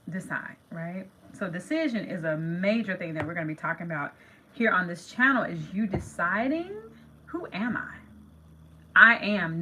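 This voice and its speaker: A woman's voice: mid-range voice, sharp tone, low-quality recording. A middle-aged woman hosting a manifestation channel, talking casually and emphatically to viewers, repeating phrases and calling them "you guys". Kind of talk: casual talk to camera.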